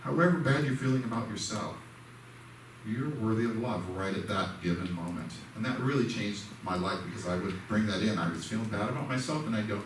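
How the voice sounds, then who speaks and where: Speaking fairly quickly in a voice on the low side, a man tells personal stories during a casual church lesson. He's self-deprecating and acts out dialogue. Recorded in an echoey sanctuary with a far-off mic and slight background noise.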